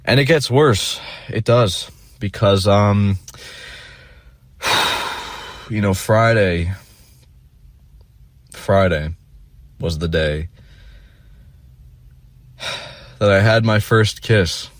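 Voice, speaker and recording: A man's voice: lowish voice, extremely slow, pauses often, no room sound. A young man telling a rambling, self-deprecating story in a casual vlog monologue, full of fillers and restarts.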